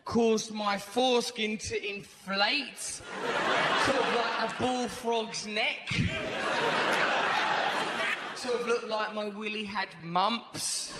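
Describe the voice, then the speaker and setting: Performing stand-up on a large theatre stage, a man with a high-sitting voice rambles animatedly through a story, constantly adding "right?". The echoey live hall recording has heavy background noise and audience laughter.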